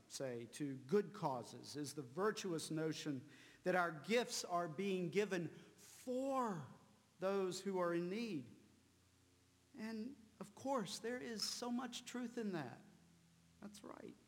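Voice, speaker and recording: A man preaching a sermon, slow and deliberate, repeating key words for emphasis. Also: high voice, in a large hall. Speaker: pastor.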